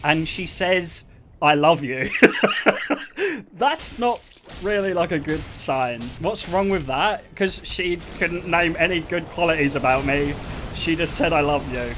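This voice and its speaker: A man's voice: fairly high pitch, measured pace, fairly bright tone, slight background noise. A man in his twenties, chatting and joking teasingly with his viewers while streaming a game. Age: 20s. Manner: teasing, joking, often laughing. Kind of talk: casual live-stream chatter.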